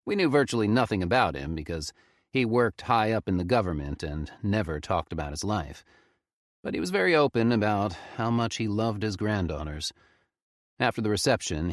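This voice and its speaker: A man reading a horror story aloud with expressive, tense storytelling. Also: sits low, brisk, dry recording, clean studio sound. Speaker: audiobook narrator. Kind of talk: scripted horror narration.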